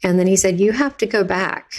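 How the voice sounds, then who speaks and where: A woman's voice: medium pitch, fairly quick, a little mellow. A woman with a Southern US accent, a podcast guest telling a personal story in a chatty, vivid way and acting out the voices she quotes.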